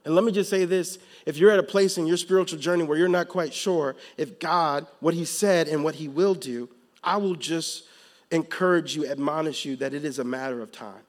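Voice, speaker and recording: A man's voice: on the high side, normal speed. Emphatic man preaching a sermon. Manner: builds from calm to loud, emphatic preaching; casual slang asides in storytelling. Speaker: pastor.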